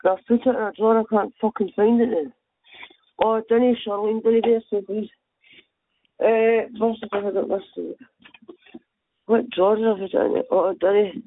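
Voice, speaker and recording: A man's voice: high-pitched, steady tone, normal speed, pauses often, a little hiss or hum. A man voicing a chaotic, swearing Scottish woman who rambles and gets flustered on a phone call. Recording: tinny phone line.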